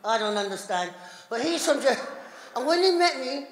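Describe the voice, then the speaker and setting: A woman's voice: sits high, very animated, moderate pace. Brash woman doing stand-up in a hall. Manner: loud, brash and chatty with the crowd. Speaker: stand-up comedian. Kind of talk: live stand-up routine. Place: large hall on stage before a live audience. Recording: echoey hall, live audience noise.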